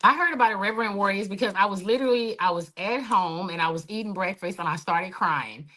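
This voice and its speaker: A woman in a podcast interview, telling her own story with passion and animated energy. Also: mid-range voice, fast talker. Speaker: guest, hike organizer.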